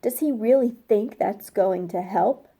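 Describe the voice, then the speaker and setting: A woman voicing a sly, hungry male wolf in a children's story, slow, low and coaxing. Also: gravelly, warm tone, breathy edge.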